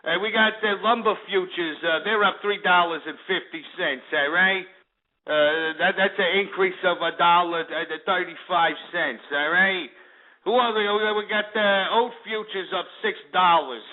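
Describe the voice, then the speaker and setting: A man's voice: high-pitched, a little slow. A man voicing a brash, boastful male New Jersey party tough guy with a put-on New Jersey accent, heard over a tinny phone-like line. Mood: swaggering. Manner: swaggering, boastful, tagging lines with "eh?".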